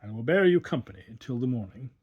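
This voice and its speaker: A man doing a kind older gentleman. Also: mid-range voice, expressive, quick pace, slightly rough, narrow, tinny audio. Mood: kindly.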